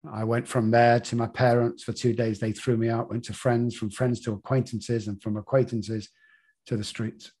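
Confessional man, halting. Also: medium pitch, little pitch movement, a little mellow, husky. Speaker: guest. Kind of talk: personal story in an interview.

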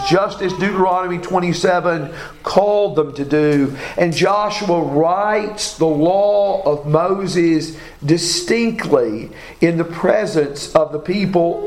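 A man teaching a Bible class, reading scripture aloud and asking his students questions. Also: high voice. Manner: reads scripture aloud, asks class questions, self-corrects. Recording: echoey room, faint background noise.

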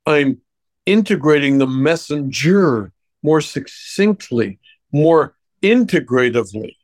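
Guy voice coach, slow thoughtful talk, tells stories, podcast chat. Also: a little high, lively intonation, no room sound. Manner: deliberate, reflective, anecdotal. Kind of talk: podcast interview conversation.

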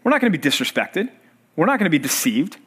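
A fairly high-voiced man in his thirties preaches a sermon at a church service for college students. He is a pastor who quizzes his listeners with fill-in-the-blank questions. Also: big pitch swings, quick pace, a bit bright, slightly rough.

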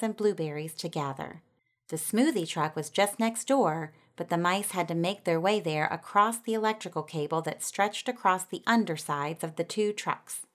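A woman reads a children's story aloud with gentle expression. Her voice sits a little lower than most women's, and she shapes the tale carefully, line by line. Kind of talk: storybook narration.

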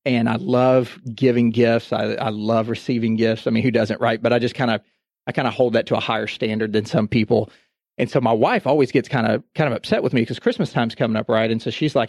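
A podcast co-host in his thirties chats casually, talking fast at medium pitch with vocal fry. He's an animated storyteller who acts out voices. The studio-quality recording has no room sound.

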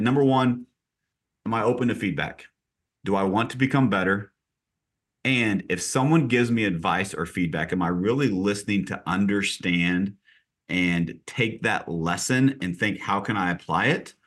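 A man who leads a real estate team, telling stories in an energetic, direct and emphatic way during a podcast conversation. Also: on the low side, moderate pace, husky.

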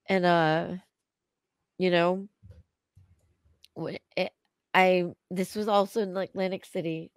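Emotional woman speaking slowly. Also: mid-range voice, dry recording. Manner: halting, emotional, many restarts. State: emotional, near tears. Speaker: co-host. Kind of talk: casual podcast chat.

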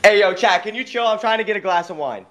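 A young man livestreaming who hypes up his chat with loud, profane shouting. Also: high-pitched, quick pace, a little hiss or hum. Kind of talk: hyped livestream hype-up. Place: outdoors at night in a warm, mosquito-filled spot. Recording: echoey live stream audio.

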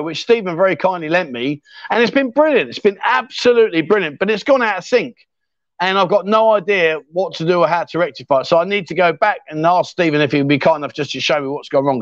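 A man's voice: sits high, dry recording. A middle-aged English man hosting a live stream, chatting in a jokey, matey way as he reads out viewers' comments. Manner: chatty and jokey, full of mate and fair play. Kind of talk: casual live-stream chat reading comments. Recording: dry, slightly dull sound.

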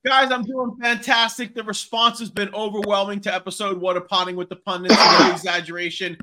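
A hyped man with a high, very bright voice talks up the show on a sports podcast panel. He sounds eager and excited. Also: brisk, slight background noise. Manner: hyped, enthusiastic. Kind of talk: casual sports chat.

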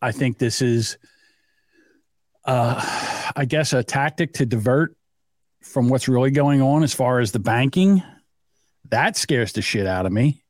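A man's voice: medium pitch, animated, unhurried, pauses often, dry recording, studio quality. A man co-hosting a podcast in casual, teasing banter, rambling and laughing at his own jokes. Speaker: podcast co-host.

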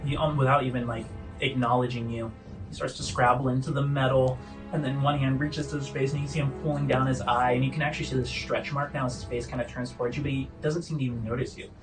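A man's voice: medium pitch, little pitch movement, fast talker. Casual male game master, distant mic. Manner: casual, descriptive, many fillers. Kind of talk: narrating a tabletop game. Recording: distant mic with faint music.

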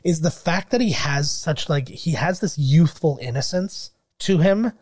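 A young man from Canada co-hosting a casual movie commentary, animated and acting out quotes with laughs. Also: fairly high pitch, unhurried, no echo. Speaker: podcast co-host.

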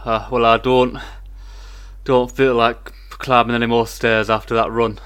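A man's voice: medium pitch, little pitch movement, a little slow, fairly bright tone, smooth. Hesitant player full of ums, man. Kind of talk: casual tabletop play.

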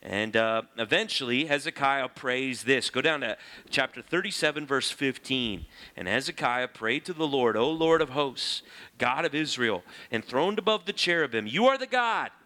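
A man teaching through a Bible passage in a lively, conversational way, reading scripture aloud and explaining it. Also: mid-range voice, normal speed.

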